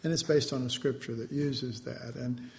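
A man's voice: medium pitch, normal speed, gravelly. Rambling man preaching informally. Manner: rambling, hesitant, with many fillers and animated acted-out quotes. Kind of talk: informal sermon.

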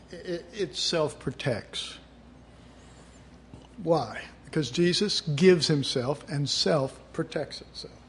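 Middle-aged male preacher, slightly high voice, chatty sermon delivery, faint room hum. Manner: conversational preaching, acting out quoted voices.

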